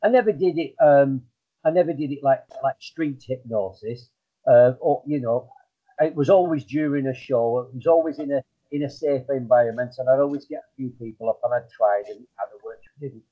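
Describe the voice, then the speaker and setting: A man's voice: mid-range voice, brisk. Man rambling over a tinny line. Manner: rambling, self-deprecating, many fillers and restarts. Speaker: guest hypnotist. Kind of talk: casual storytelling interview.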